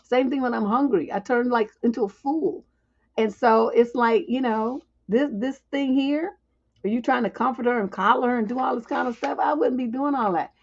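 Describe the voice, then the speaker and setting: A woman's voice: fairly high pitch, normal speed. Blunt, brash woman advice host. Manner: chatty, laughing asides. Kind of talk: livestream advice show. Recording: dull lo-fi stream audio.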